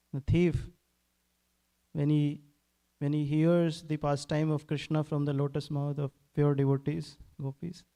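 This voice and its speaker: Male scripture class speaker, storytelling delivery, gravelly voice with a dark tone. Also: on the high side, rough recording. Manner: storytelling, laughs between lines.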